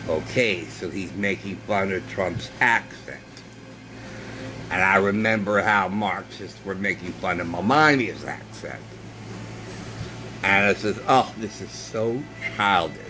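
A man's voice: low voice, background noise. A man vlogging in an indignant, repetitive monologue that keeps circling back to the same points. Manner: indignant, repetitive, drawn-out phrasing. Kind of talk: ranting monologue.

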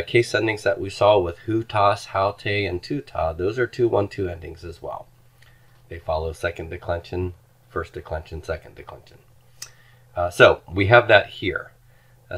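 Deep-voiced man teaching grammar. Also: a bit bright. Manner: patient, explanatory, drills forms aloud. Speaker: Greek teacher. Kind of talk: recorded lecture on grammar.

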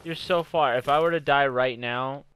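A man giving casual, excitable commentary while coaching his girlfriend through a video game. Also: medium pitch, moderate pace, clear, resonant tone. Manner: bossy, excitable coaching, swears. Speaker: gaming channel host.

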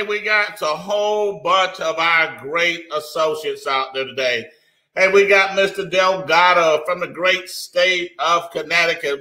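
High, bright hype-man host. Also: rough recording. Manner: energetic hype, greets callers by name and state. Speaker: host of an online business presentation. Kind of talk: upbeat live-call hosting.

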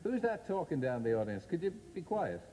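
A man's voice: fairly high pitch, big pitch swings, dark tone, a little hiss or hum. A man hosting a chat show in front of a studio audience, bantering and teasing his guest. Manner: teasing, quick-witted banter. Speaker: talk show host.

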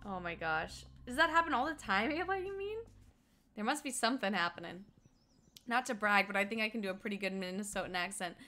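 A woman's voice: medium pitch, animated, a little fast, bright, forceful tone. A young woman from Colorado in her twenties, chatting casually with her stream while gaming, laughing often and answering chat. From Colorado, United States.

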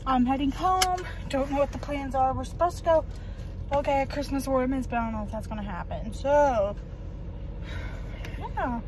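A woman's voice: high-pitched, moderate pace. Chatty woman vlogging from her car. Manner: rambling, chatty, many ums. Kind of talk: casual daily vlog chat. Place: in a car while driving. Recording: loud car engine noise. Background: car and road noise.

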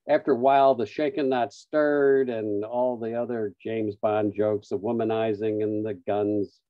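A man presenting a webinar, telling an anecdote-filled story with frequent "uh" pauses. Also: medium pitch, warm tone, no echo. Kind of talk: storytelling talk. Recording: dull lo-fi online audio, dry.

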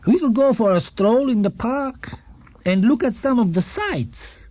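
A man voicing a kindly, courteous elderly antique shop owner who speaks with gentle enthusiasm. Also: extremely high pitch, expressive, a little slow, no room sound, pitched above the performer's own voice, heavily acted. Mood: enthusiastic.

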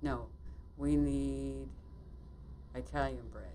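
A woman playing a bakery shop game, muttering to herself as she works, with quick exclamations and mild swearing. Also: a bass voice, fairly even intonation, background noise. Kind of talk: casual let's-play commentary.

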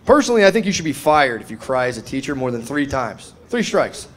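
A man's voice: mid-range voice, very animated, a little fast. A man, telling stand-up stories in a laid-back way, full of "dude" and "man", acting out the people in them. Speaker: stand-up comedian. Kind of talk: stand-up storytelling. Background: audience laughter.

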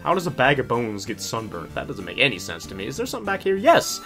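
A man's voice: mid-range voice, wildly swooping pitch, quick pace, bright, forceful tone, faint music behind. A man casually commenting on a video game playthrough, chatty and joking as he reads game dialogue aloud. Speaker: let's play host.

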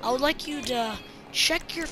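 Young female streamer, high-pitched, jokey and excitable, talking over game music. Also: normal speed. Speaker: gameplay streamer. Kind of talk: casual gameplay commentary.

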